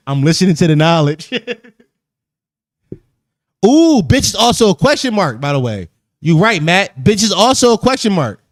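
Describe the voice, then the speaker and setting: A man's voice: high voice, no room sound, studio quality. A man hosting a podcast in casual chat, joking loosely, laughing often and repeating phrases. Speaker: podcast host.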